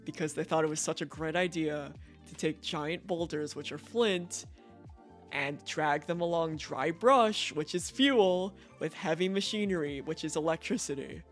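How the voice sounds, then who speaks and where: High-voiced man streamer chatting casually. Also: unhurried, soft background music. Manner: casual and profane, chatty, laughs often. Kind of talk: casual live-stream chat. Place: home.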